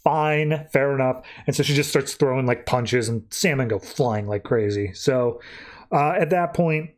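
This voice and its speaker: A man's voice: medium pitch, moderate pace. A man hosting a podcast, casually retelling a comic-book story in a chatty way full of filler words. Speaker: podcast host.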